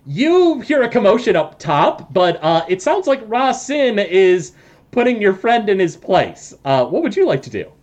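A man's voice: high voice, sing-song, unhurried, a little mellow. A man narrating as game master of a tabletop game, hesitant with many fillers and jokes.

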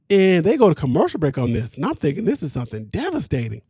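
A man recaps a reality show on a podcast in loose, slangy talk, his voice sitting a little high. He gets animated and breaks into laughs often. The recording is dry and close to the mic. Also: fast, breathy edge, no echo. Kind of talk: casual show recap chat.

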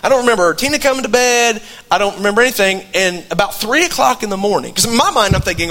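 A man's voice: sits high, lively intonation, quick pace, fairly bright tone. A middle-aged man preaching a sermon in a conversational storytelling way, often restarting his sentences. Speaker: pastor.

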